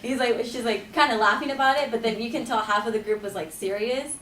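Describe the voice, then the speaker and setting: A woman rattles through a personal story at a quick clip, her slightly high voice peppered with "like" and "you know". She sounds set back from the mic in an echoing room. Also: a bit bright, slight background noise. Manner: chatty, heavy with "like" and "you know". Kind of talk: casual spoken anecdote. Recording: roomy echo, mic at a distance.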